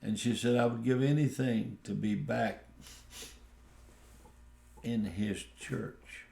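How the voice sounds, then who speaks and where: A man preaching on a radio show, telling a slow, folksy story with quoted dialogue. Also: mid-range voice, fairly even intonation, creaky, warm tone, roomy sound.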